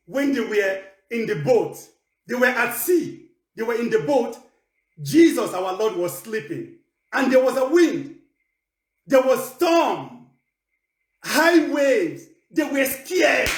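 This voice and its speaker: A high-voiced male preacher who swings his pitch widely as he presses each point. He repeats his phrases again and again for stress. The sound carries a roomy echo. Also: sing-song, takes it slowly, long pauses. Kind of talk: sermon.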